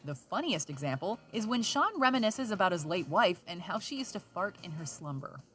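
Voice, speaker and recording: Woman narrating a top-ten list, bright sharp voice, bouncy delivery, soft music under it. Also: lowish voice, sing-song, a little fast. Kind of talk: scripted narration.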